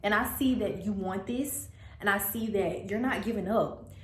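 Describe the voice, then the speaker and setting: Young woman, casual storytime vlogger, lively quoted voices, echoey room. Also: moderate pace. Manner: animated, quotes others with pitch jumps.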